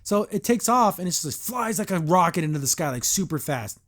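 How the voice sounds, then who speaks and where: A man's voice: high voice, lively intonation, a little fast, fairly bright tone. A man hosting a podcast, reviewing a cartoon episode in a sarcastic, exasperated way and acting out the characters' lines.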